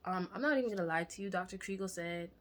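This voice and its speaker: Young woman vlogging, chatty and candid, kinda low voice, whispers her asides. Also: fast talker, a bit bright. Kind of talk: casual storytelling to camera.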